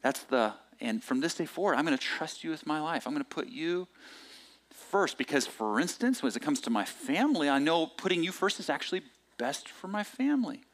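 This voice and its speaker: A man's voice: fairly high pitch, sing-song, brisk. A middle-aged man preaching as a pastor, telling stories in a conversational way with frequent restarts and fillers. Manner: conversational storytelling with many restarts and filler words. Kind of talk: sermon.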